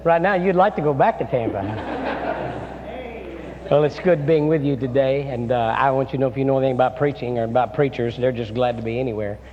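A man's voice: medium pitch, fairly quick. A man preaching a chapel sermon as a guest preacher, folksy and storytelling, with many filler "uh"s. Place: seminary chapel. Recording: dull sound in a reverberant hall.

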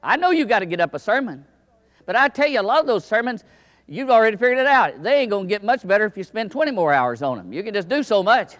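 A man preaching a sermon in a church, telling a story in a folksy style that swings between loud and quiet. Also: high-pitched, sing-song, fast.

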